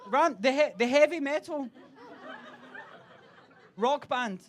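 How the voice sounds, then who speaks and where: A man performs stand-up on a comedy club stage in a fairly high voice. He swears freely and keeps jumping into quick impressions of the people in his stories. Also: animated, some chatter behind. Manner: swearing, quick act-outs of other voices.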